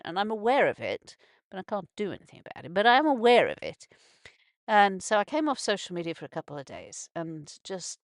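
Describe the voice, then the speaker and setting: Woman, morning radio host, casual rambling monologue, restarts, occasional swearing, animated pitch, dry recording. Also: no room sound. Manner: rambling, restarts a lot, swears when angry. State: emotions heightened after a stroke. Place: narrowboat on a canal.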